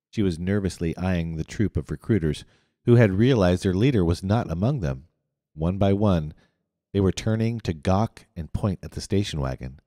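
Deep-voiced male audiobook narrator. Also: moderate pace, dry recording, clean studio sound, big-room sound. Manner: expressive, animated reading. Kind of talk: scripted narration.

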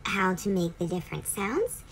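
A woman teaching a children's phonics lesson, cheerful, drawing out each letter sound slowly for young learners. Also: medium pitch, sing-song, a little hiss or hum. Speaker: reading teacher.

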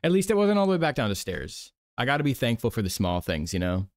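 A man streaming a game, giving soft-spoken ASMR commentary with gentle self-talk and the odd casual swear. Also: mid-range voice, sing-song, fast talker, dry recording, clean studio sound.

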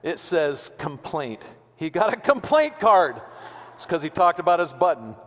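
A man's voice: sits high, sing-song, moderate pace, a bit bright. A male pastor preaching a sermon in a conversational, joking way, often repeating words. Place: church sanctuary. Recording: long church reverb.

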